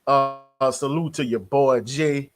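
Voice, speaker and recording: A man's voice: mid-range voice, fairly even intonation, a little slow. A man hosting a livestream about college football, talking in a casual, slangy way and greeting viewers in the chat. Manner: laid-back, slangy, greets chat members. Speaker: sports livestream host. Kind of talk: casual live sports talk.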